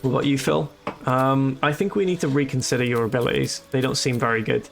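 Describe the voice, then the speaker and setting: A man's voice: mid-range voice, fairly even intonation, quick pace, vocal fry, faint music behind. A man giving casual, joking let's-play commentary as a streamer, rambling and amused at his own jokes.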